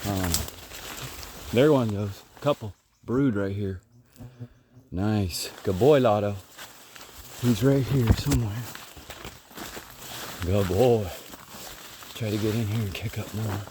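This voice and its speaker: A man's voice: on the low side, slow pace, long pauses. A man training bird dogs in the woods, explaining as he walks and praising his dogs. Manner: calls loudly to his dogs while explaining. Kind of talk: walking field narration to camera. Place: outdoors in the woods. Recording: outdoor field recording with noise. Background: birds and outdoor sounds.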